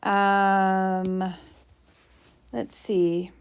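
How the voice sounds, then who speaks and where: A woman's voice: medium pitch, flat delivery, extremely slow, clear, resonant tone. A woman teacher explaining punctuation while writing, with playful mock bragging asides.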